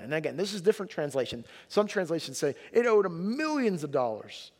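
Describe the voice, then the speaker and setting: A man preaches in a relaxed, talk-to-the-room way, his voice sitting fairly high for a man. He leans hard into quoted lines and punch lines. The sound rings with the long reverb of a large hall. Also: a little fast, hardly any pauses. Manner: conversational preaching, rising emphasis on quotes. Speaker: pastor. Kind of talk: sermon.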